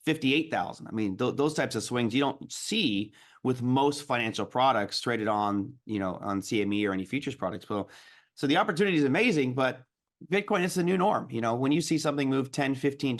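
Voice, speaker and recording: A man, a guest trader, explaining markets in an animated, casual way. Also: medium pitch, fairly quick.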